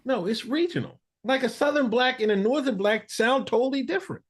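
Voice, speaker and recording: A man co-hosting a podcast in casual chat, animated and laughing. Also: brisk. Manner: animated, laughing, swings pitch widely when making a point. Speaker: podcast co-host.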